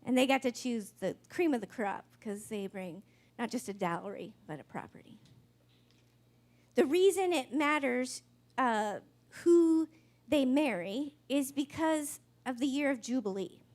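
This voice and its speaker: A woman's voice: high voice, lively intonation, a little slow, a little mellow. A woman giving a sermon in a conversational, wry storytelling way. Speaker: pastor.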